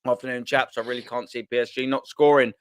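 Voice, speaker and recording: A man's voice: mid-range voice, level tone, quick pace, clear, resonant tone, no room sound. A man hosting a casual football chat stream, rambling and cheeky, swearing freely. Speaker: host.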